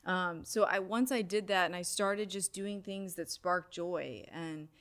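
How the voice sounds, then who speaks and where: A young adult woman, a sound healer, talking casually in an interview and telling a personal story in an animated way, with many "like"s. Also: lowish voice, measured pace.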